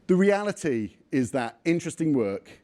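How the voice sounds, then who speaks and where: A man's voice: a little high, very animated, normal speed, warm tone. A man in his forties giving a casual, self-deprecating conference talk, blunt and rambling, with frequent ums and swearing. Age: 40s. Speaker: conference speaker.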